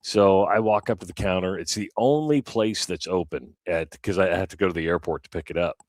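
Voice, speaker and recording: A man co-hosting a morning radio show, telling a long story in a casual, animated way and acting out the other people in it. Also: deep voice, fairly quick, no echo, studio quality. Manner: animated, acts out quoted voices. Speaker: radio co-host.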